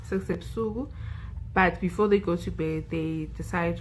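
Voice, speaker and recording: A woman's voice: on the low side, normal speed, a little hiss or hum, poor audio. A young South African woman vlogger recapping a film in a chatty way, saying "like" and "you know" a lot.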